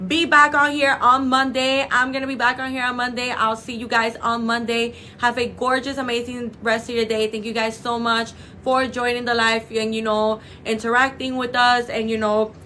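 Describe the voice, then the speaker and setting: A woman's voice: a little high, little pitch movement, moderate pace, few pauses, pushed and bright, slight background noise. Gushing young woman on a live stream. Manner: gushing, affectionate, calls viewers babe and girl. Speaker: clinic livestream host. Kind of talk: chatty live stream talk. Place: cosmetic clinic office.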